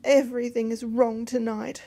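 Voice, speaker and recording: A woman doing a high, fretful young princess. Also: little pitch movement, normal speed, mellow. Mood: uneasy. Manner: anxious and near tears.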